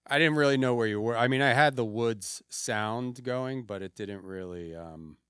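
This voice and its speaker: A man hosting a comedy podcast, chatting in a deadpan, mock-serious way with his guest. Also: medium pitch, normal speed, smooth, dry recording, clean studio sound. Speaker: podcast host. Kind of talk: casual comedic podcast chat.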